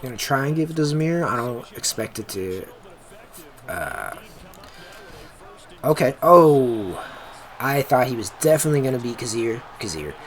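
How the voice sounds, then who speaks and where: Excitable man narrating his game. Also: on the low side. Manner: excitable, swears when frustrated, talks to players on screen. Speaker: gaming commentator. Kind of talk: casual gameplay commentary. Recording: music playing behind.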